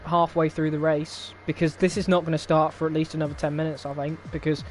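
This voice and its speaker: A man's voice: a little high, little pitch movement, quick pace, slight background noise. A young man hosting a racing league stream, chatting casually in a wry, rambling way and laughing often. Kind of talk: casual live-stream chat.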